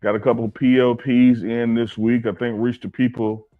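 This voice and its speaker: A man's voice: medium pitch, little pitch movement, moderate pace, phone-quality sound. A man from Alabama co-hosting a casual sports talk show, joking and teasing his partner. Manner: playful, teasing, sing-song shouts. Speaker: co-host.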